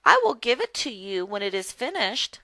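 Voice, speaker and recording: A woman voicing a kind young farm boy in a primer dialogue, speaking gently. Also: mid-range voice, very animated, moderate pace, no echo. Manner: gentle, kindly offering. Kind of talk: reading a primer dialogue aloud.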